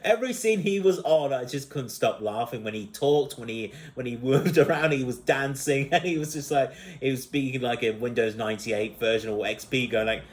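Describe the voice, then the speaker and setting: A man's voice: mid-range voice, moderate pace, hardly any pauses. Rambling, giggly man reviewing a movie. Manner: rambling, with many fillers and frequent giggling laughs. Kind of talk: casual spoken movie review.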